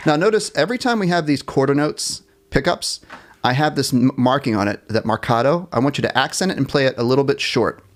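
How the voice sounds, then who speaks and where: A man's voice: medium pitch, lively intonation, fairly quick. A man teaching a live online jazz band class from his computer. He counts the band in, scats the melody lines and laughs off his own small mistakes, friendly and encouraging. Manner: self-deprecating about small mistakes. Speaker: music teacher.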